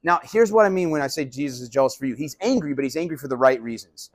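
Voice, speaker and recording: Animated, high-voiced male pastor. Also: fast. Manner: animated, conversational preaching. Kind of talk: sermon.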